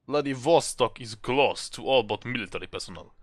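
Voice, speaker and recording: A man's voice: medium pitch, lively intonation, a little fast, no room sound, clean studio sound, lightly acted. A man voicing a cold, curt male Russian secret policeman with a mock Russian accent, reading a game's lines aloud. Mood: stern.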